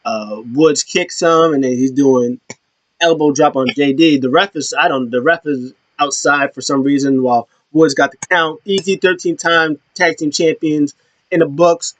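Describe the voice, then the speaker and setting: Rambling man recapping, slightly high voice. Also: moderate pace. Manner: rambling, with many restarts and fillers. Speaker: show host. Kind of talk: casual wrestling recap.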